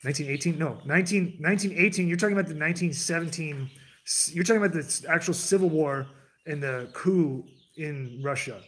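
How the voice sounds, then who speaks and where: Man streaming, slightly raised pitch, rambly off-the-cuff talker who drifts between tangents. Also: fairly quick. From United States. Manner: digressive, restarts sentences, jumps between tangents. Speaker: livestream host. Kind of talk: casual rambling monologue to chat.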